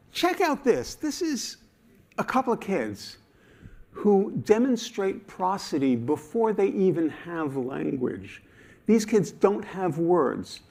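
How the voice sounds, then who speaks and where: Animated man giving a conference talk. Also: on the high side, gravelly. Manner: animated and playful, acting out examples. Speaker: conference speaker.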